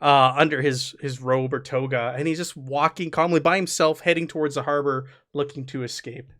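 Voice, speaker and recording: A man's voice: a little high, fairly even intonation, normal speed, a bit bright. A man narrating as game master of a tabletop game, describing scenes loosely with many fillers.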